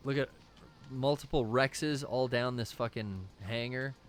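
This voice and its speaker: A man co-hosting a game stream, excitable and jokey, cursing often while commenting on play. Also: mid-range voice, unhurried. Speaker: streamer co-host. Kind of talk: casual gameplay commentary.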